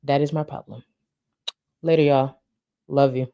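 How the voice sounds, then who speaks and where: A woman's voice: very deep voice, steady tone, unhurried, creaky, smooth, no room sound, muffled recording. A woman commentary host thanking her viewers in a loose, rambling way, saying she is tired. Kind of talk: casual sign-off talk to viewers.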